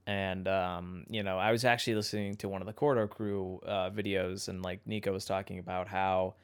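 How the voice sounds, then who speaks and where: A young man hosting a podcast in casual chat, thinking out loud in a reflective way and often correcting himself mid-sentence. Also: sits low, little pitch movement, brisk, clear, resonant tone. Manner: reflective, rambling, self-correcting. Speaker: podcast host.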